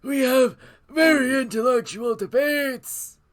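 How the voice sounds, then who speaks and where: A player doing a loud, cracking old man voice. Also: very high voice, steady tone, takes it slowly, voice pushed up. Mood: doddering. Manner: loud, cracking, breaking into laughs. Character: muttering forgetful old man with pet raven.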